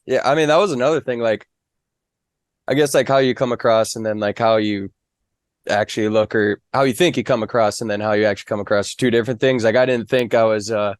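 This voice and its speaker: A man's voice: on the low side, steady tone, fast, clean tone, no echo, clean studio sound. A young man from the Fargo area, a weather reporter and guest, talking in a modest, easygoing way full of "like". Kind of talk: casual interview.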